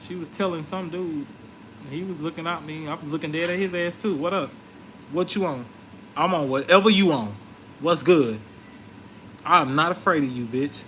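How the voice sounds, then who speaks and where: Male vlogger, somewhat high-pitched, confrontational storyteller. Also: brisk, a little hiss or hum, low-quality recording. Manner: brash, confrontational, animated retelling. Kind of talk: profane storytelling rant.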